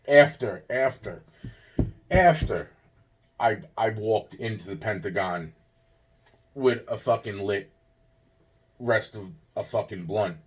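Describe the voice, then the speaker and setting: A man venting in a rambling monologue, stacking profanity and repeating the same openings over and over. He is agitated, and his voice jumps into sudden loud bursts before dropping back into muttering. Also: on the low side, husky. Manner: rambling, repetitive and profane, circling back on restarts.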